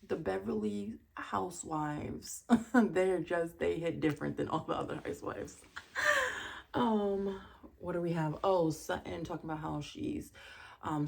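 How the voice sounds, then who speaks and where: A woman casually recapping a reality TV episode, chatty and quick to laugh, with incredulous asides. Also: on the low side, gravelly, warm tone, husky.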